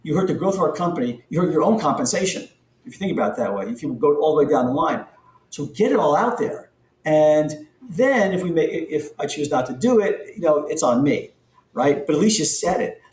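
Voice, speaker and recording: Animated man, echoey distant sound. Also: fairly high pitch, brisk. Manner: animated, voice jumps up in excited bursts. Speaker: podcast guest, company founder. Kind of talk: storytelling in an interview. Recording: echoey room, distant from the mic.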